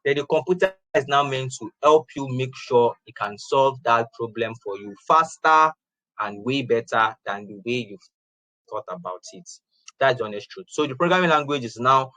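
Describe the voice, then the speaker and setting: A man's voice: medium pitch, moderate pace, a bit bright, no echo, low-quality recording. A man giving an informal programming lesson, chatty, often repeating and restarting his phrases. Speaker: programming instructor. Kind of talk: informal classroom lecture.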